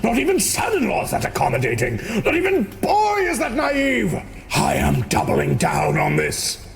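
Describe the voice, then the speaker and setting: A man voicing a melodramatic, indignant young man in his twenties who shouts and blusters in voiced game dialogue. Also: high-pitched, wildly swooping pitch, moderate pace, gravelly, a little hiss or hum, exaggerated voice. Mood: blustering. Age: 20s. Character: excitable indignant young man under questioning.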